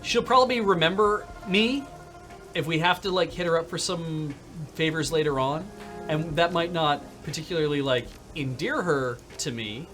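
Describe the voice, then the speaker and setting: A man's voice: fairly high pitch, normal speed, a bit bright, soft background music. A man streaming a video game who reads the story text aloud and chats casually, thinking aloud as he plays. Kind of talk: let's-play commentary and reading game text aloud.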